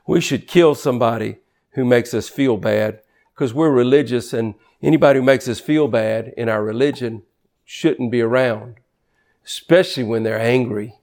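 A man preaching a sermon in an animated, conversational way, reading scripture quickly and jumping sharply in pitch for emphasis. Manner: reads scripture aloud quickly.

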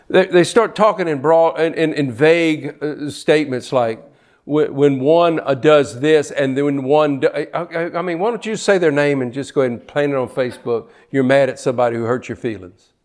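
A man's voice: fairly high pitch, darkish tone. An older man preaching a sermon, fervent, often repeating words as he builds to a point. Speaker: pastor.

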